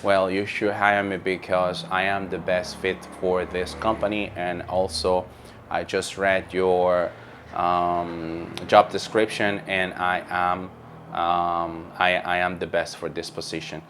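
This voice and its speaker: A man acting out a nervous male job candidate who answers in a flat, halting way with many ums. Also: deep voice, slight background noise, voice pushed down. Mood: unsure.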